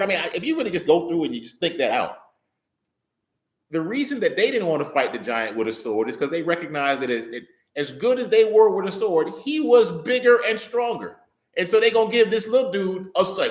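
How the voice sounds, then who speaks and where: Animated man preaching in an echoey room. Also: high-pitched, normal speed. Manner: conversational, animated storytelling with voiced quotes. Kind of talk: sermon.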